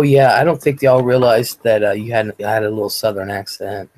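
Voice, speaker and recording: This forties-aged woman from Ohio chats casually on her livestream and reads viewers' comments aloud. Her voice is a slightly mellow bass with fairly even intonation, moving at a moderate pace with few pauses.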